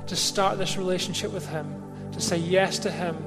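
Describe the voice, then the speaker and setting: A pastor gently inviting his congregation into prayer, speaking slowly and reflectively at the close of a sermon in a church service. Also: sits high, steady tone. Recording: long hall reverb with music behind.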